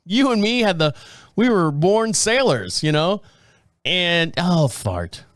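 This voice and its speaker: A man's voice: sits high, expressive, takes it slowly, a bit bright, no room sound, studio quality. A middle-aged man hosting a podcast, rambling casually and foul-mouthed, laughing often and acting out quotes. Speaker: podcast host.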